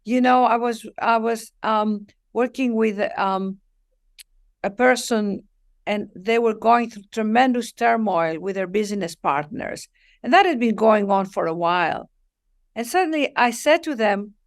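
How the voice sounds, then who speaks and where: A woman talks as a guest author on a spiritual show. Her voice sits slightly high, and she stretches key words for emphasis. She often stops to act out small quoted conversations. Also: a little slow. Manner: expressive, lingers on key words, acts out little dialogues. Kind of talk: warm spiritual interview talk.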